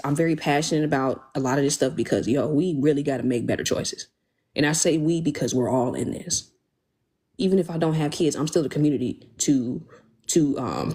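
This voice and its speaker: Husky-voiced woman ranting on a livestream. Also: sits low. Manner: animated, emphatic, slangy, reads and thanks viewers. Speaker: livestream host. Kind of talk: casual livestream talk.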